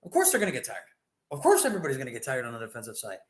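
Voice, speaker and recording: A man's voice: medium pitch, huge pitch swings, racing, echoey room, low-quality recording. A man co-hosting a sports show, chatting loosely about football picks and rambling as he swears freely. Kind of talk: casual sports prediction chat.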